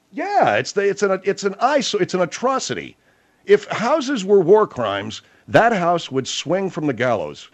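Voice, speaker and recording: A man's voice: high-pitched, huge pitch swings, a little slow. A man hosting a comedic radio talk show, blustery and emphatic in his complaints.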